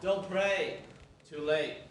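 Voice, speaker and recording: A man's voice: fairly high pitch, takes it slowly, a bit bright, some chatter behind. A man playing a mocking herald who bullies captive women on stage, delivering taunting threats. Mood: menacing. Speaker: herald of the sons of Egyptos, stage actor. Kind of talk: school stage play performance. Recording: echoey stage, distant mic, faint hiss.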